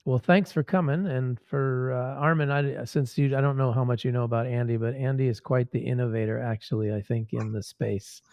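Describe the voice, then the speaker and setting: A man's voice: medium pitch, steady tone, brisk, hardly any pauses, darkish tone, no echo. A man hosting a podcast in casual, loose conversation, with many fillers. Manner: loose, filler-heavy, friendly. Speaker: podcast host. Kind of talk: casual interview chat. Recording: dull, dry lo-fi sound.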